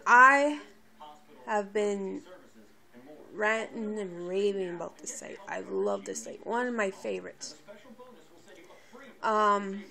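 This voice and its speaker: A woman vlogging casually to her camera, rambling with many fillers and restarts in a fairly monotone voice. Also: mid-range voice, slow, gravelly, long pauses. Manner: monotone, by her own account; quiet, subdued and near a whisper. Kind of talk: casual home vlog talk.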